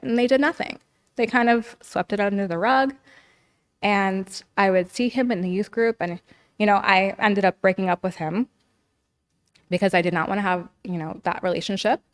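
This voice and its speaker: A woman as a podcast guest, earnestly telling a personal story in casual speech packed with "like" and "you know.". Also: mid-range voice. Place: living in Los Angeles.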